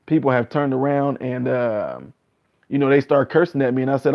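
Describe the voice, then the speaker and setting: A man in his late thirties talks earnestly to his live-stream viewers, mid-pitched and casual, circling back to the same point again and again. The stream audio sounds a little muffled and lo-fi. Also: normal speed, creaky. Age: 30s. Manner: earnest, repetitive, acts out other people's replies in a higher voice.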